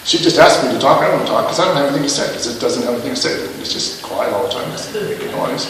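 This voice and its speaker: A doubtful married man in the pews, scoffing and brushing the idea off, as a preacher puts him on. The voice booms through a large, echoing hall from a distant mic. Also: animated, quick pace, noisy background, close to an everyday voice.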